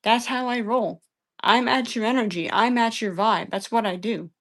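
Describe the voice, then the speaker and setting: A woman's voice: fairly high pitch, steady tone, moderate pace. A woman arguing with a live chat, combative and exasperated, swearing often and repeating her phrases. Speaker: livestream debater. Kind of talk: heated livestream argument with chat.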